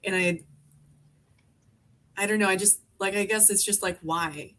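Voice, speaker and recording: A woman's voice: mid-range voice, fairly even intonation, a little slow, a bit bright. A woman in her forties, a podcast guest from Alaska, chatting in a rambling way full of fillers and restarts. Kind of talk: casual conversation.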